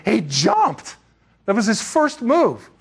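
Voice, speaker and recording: A man, a pastor, giving a conversational sermon with slangy, lively emphasis. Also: sits high, slow, creaky, breathy edge.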